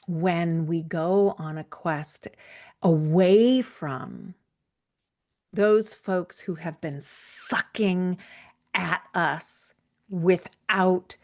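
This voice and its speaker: A woman podcast host slowly narrating a fairytale in a reflective way, sometimes dropping to a whisper. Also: lowish voice, a little mellow. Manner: slow, reflective, drops to a whisper at times. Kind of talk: storytelling narration.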